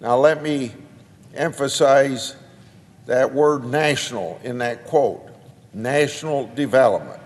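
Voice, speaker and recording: An older man, a senator, reading a prepared floor speech in a slow, halting way, restarting words and marking each quotation. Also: medium pitch. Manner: slow, halting delivery with restarts and careful quoting. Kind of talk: prepared speech read aloud. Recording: long reverb of a large chamber.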